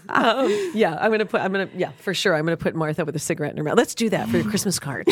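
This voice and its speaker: Teasing woman with a lively voice. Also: medium pitch, a little fast, husky, no room sound. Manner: teasing, laughs a lot, lively storytelling. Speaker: podcast co-host. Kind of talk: casual chat.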